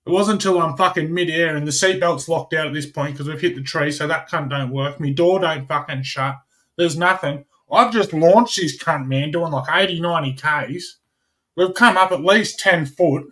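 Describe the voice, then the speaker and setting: A man's voice: a little high, moderate pace. Foul-mouthed Australian man spinning a yarn. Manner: profane, animated storytelling. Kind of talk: casual chat.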